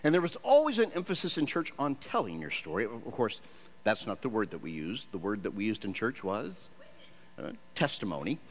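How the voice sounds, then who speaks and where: A man's voice: lowish voice, very animated, a little fast. A man from Michigan, a Christian actor, giving a humorous storytelling sermon in a self-deprecating, jokey way.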